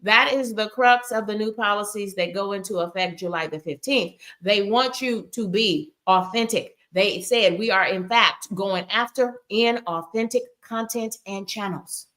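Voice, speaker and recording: A woman's voice: mid-range voice, unhurried, few pauses, fairly bright tone. A woman hosting a live stream, chatting casually and addressing viewers directly as y'all.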